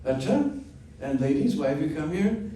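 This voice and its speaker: Brief: elderly village chief played by a man, curious, raised pitch, echoey room from far off. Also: lively intonation, normal speed, warm tone, slight background noise, lightly acted. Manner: raised, wondering questions.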